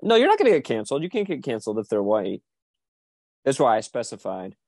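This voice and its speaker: A man's voice: medium pitch, wildly swooping pitch, fast, gravelly, a little mellow, no echo, clean studio sound. A man guesting on a podcast, talking bluntly and teasing the host in casual banter.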